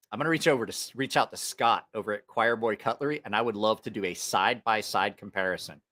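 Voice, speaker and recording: A man's voice: medium pitch, sharp tone. A man hosting a knife channel, delivering a heated, profane opinion rant to the camera. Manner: angry, profane ranting.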